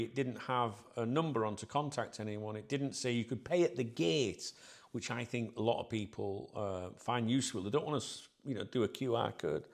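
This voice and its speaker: A man's voice: mid-range voice, fairly bright tone. Casual male interviewee, mid-range voice, chatty and rambling, leans on filler words. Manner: rambling, with tag questions and fillers. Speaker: football club staff member, interview guest.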